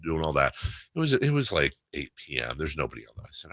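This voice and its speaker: A middle-aged man hosting sports talk radio, telling stories in a casual, animated way. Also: a bass voice, quick pace, dry recording. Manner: animated storyteller, puts on voices in quotes. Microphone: studio microphone.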